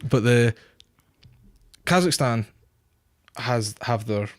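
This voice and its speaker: A man from Scotland co-hosting a football podcast in a casual back-and-forth. He is assertive and quick to interrupt his co-host. His pitch sits in a normal middle range. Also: lively intonation.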